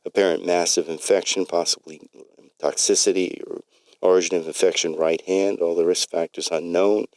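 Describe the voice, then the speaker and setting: A man's voice: deep voice, flat delivery, normal speed, darkish tone, dry recording, lightly acted. A man voicing an urgent, clinical female doctor in a read-aloud story. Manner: firm, clinical.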